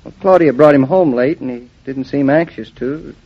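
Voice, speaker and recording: A man's voice: medium pitch, normal speed, slightly rough, natural voice. An actor playing a cheerful, teasing young husband who dotes on his dog, in 1940s radio acting on a dull old radio recording. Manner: jovial, teasing, animated.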